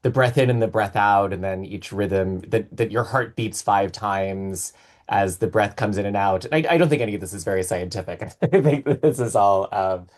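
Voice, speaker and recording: A man's voice: fairly low pitch, normal speed, darkish tone. A man on a podcast, explaining things in a casual, lecturing way with many fillers. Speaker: podcast co-host.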